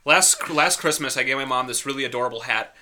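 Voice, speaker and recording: Young man, casual podcast co-host, very bright tone, profane animated storytelling. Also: medium pitch, quick pace, slight background noise. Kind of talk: casual chat.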